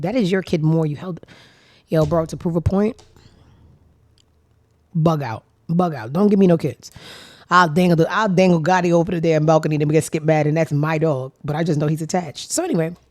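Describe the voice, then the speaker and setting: A woman's voice: deep voice, darkish tone, dry recording. Blunt, profane woman gossip host. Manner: blunt, profane, sassy, fast-talking. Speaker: show host. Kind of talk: casual gossip commentary.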